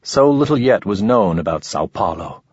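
A man reading a story aloud in measured, even scripted narration. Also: fairly low pitch, breathy edge, dry recording. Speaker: audiobook narrator. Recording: dull lo-fi recording.

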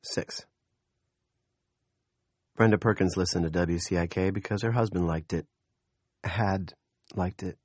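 A man narrating an audiobook in a steady, measured storytelling voice. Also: low voice, dry recording, clean studio sound. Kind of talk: scripted narration.

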